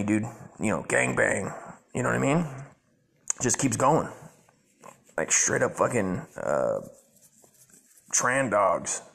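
A man's voice: on the low side, gravelly, fairly bright tone. A man giving crude comedic reaction commentary, blunt, rambling and full of profanity.

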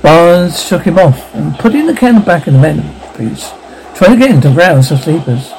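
Gravelly man reading a ghost story. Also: on the high side, sing-song, moderate pace, a little mellow, a little hiss or hum, rough recording. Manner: dramatic reading, voices characters lightly. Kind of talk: audiobook narration of a ghost story.

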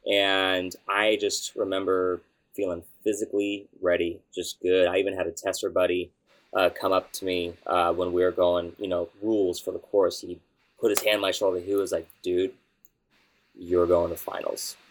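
A young man, a youth pastor, telling a story in a casual interview, animated and excitable, with bursts of shouting. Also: deep voice, moderate pace.

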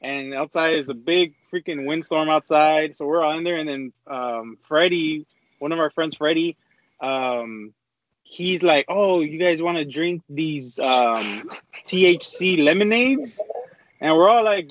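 A man's voice: a little high, unhurried, dry recording. A young man telling a rambling, slang-heavy story in casual chat, with lots of swearing. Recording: dull lo-fi dry recording.

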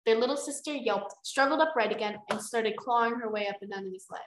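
A young woman co-hosting a podcast, reading a book aloud and breaking off into excited, animated reactions. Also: a little high, fast, a little hiss or hum. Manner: animated, bursts into exclaims and laughs. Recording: echoey room.

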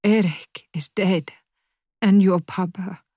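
A woman puts on a drunk, grief-stricken older mother in an audiobook, her voice low and thick with crying. She speaks slowly and breaks off between sobs. The sound is dry and close. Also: steady tone, warm tone, no room sound. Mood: low, grieving. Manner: sobbing, breaking off mid-sentence. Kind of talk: audiobook character voice.

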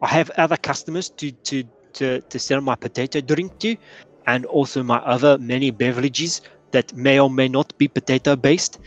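A man's voice: medium pitch, steady tone, moderate pace, muffled recording, close to an everyday voice. A man voicing a rambling male tavern keeper with a put-on South African accent, vague and stammering. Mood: flustered.

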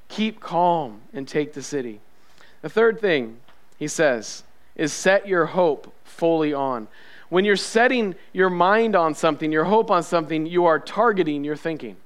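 A man's voice: fairly high pitch, lively intonation, a little slow, smooth. A male pastor preaching a sermon, emphatic and repetitive, asking the congregation questions.

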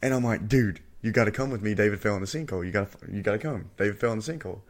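A man's voice: fairly low pitch, rapid-fire. A young man co-hosting a podcast, eagerly retelling a childhood story and acting out what was said. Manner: eager retelling, acts out quoted lines. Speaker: podcast co-host. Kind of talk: casual storytelling chat.

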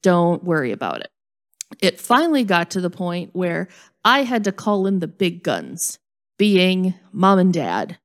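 A woman's voice: lowish voice, sing-song, measured pace. Woman telling a self-mocking story. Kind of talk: casual storytelling chat.

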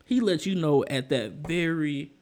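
A young man in casual chat, an animated storyteller who laughs often. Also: on the high side, measured pace.

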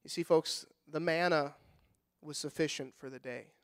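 A middle-aged man preaching a sermon in a high, clear, resonant voice. He is folksy and repeats words when he gets going. He swings between loud, fervent passages and quiet, soft-spoken stretches. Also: normal speed. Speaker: pastor.

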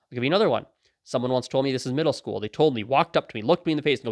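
Talking rapid-fire in a medium-pitched voice, this man hosts a podcast with a casual monologue. The recording is dry and studio-clean, and he animatedly mimics people from his stories, laughing frequently.

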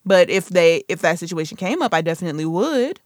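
A woman's voice: fairly low pitch, lively intonation, a little fast, no room sound, studio quality. A woman in her twenties hosting a solo podcast, chatting casually and playfully with self-mocking asides. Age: 20s. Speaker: podcast host.

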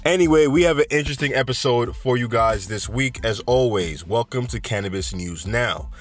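A man's voice: mid-range voice, normal speed. A man from Jamaica hosting a casual cannabis news podcast, rambling and joking with slangy asides. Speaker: podcast host.

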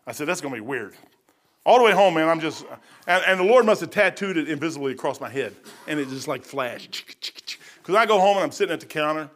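A middle-aged man preaching a sermon, telling a personal story and moving between hushed asides and excited outbursts. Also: fairly high pitch, quick pace. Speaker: pastor.

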